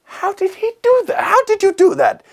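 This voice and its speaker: A man voicing an indignant, excitable male judge who is shrill and easily amazed. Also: normal speed, soft background music, exaggerated voice.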